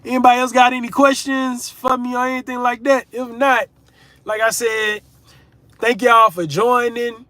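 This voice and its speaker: A man's voice: very high-pitched, level tone, moderate pace, pushed and bright, dry recording. A young man from the United States hosting a casual livestream, reading out viewer comments in a laid-back, chatty way. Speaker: livestream host, content creator.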